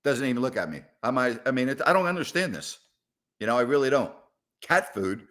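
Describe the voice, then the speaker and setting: Broadcasting a live sports talk show from inside a house, this middle-aged host has a mid-range, expressive, fairly bright voice and talks a little fast. His call-in chat is rambling and sarcastic, with exasperated replies to listeners.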